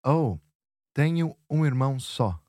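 A man teaching on a lesson podcast, patiently modelling phrases slowly and encouraging the learner. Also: mid-range voice, animated, a little mellow, no echo, clean studio sound. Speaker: Portuguese teacher.

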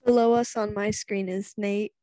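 A woman's voice: medium pitch, fairly even intonation, moderate pace, mellow, no echo. A woman playing a tabletop game, firm and wry. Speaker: player. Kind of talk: casual chat at a game table.

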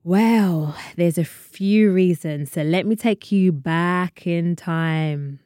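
Speaking slowly in a low, dark voice, this thirty-something London woman runs her own podcast, rambling chattily and chuckling at her own digressions. The recording is clean studio audio with no room sound.

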